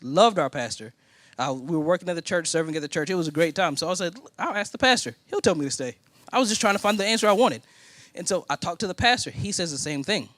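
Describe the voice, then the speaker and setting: Lively storytelling man preacher. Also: a little high, quick pace, dry recording. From Indiana. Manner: animated storytelling, acting out quoted voices. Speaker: pastor. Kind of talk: sermon storytelling.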